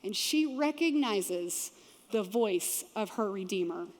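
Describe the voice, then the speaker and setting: A woman pastor with a Texan accent preaching a sermon, animated and acting out the voices of people in the story. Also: mid-range voice, takes it slowly. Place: large church auditorium. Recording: long hall reverb from a church auditorium.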